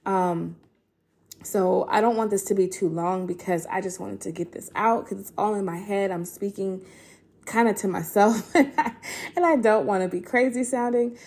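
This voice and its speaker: Emotional woman with a gravelly, mellow voice. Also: medium pitch, moderate pace. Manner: earnest, heartfelt, many ums and restarts. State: emotional, holding back tears. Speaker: podcast host. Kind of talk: casual faith-based encouragement talk.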